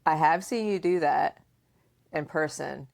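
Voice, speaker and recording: A woman hosting a casual podcast chat, asking questions and acting out remembered dialogue in a playful, animated way. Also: deep voice, a little slow, gravelly. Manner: frequent laughter and questioning. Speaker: podcast host and mother.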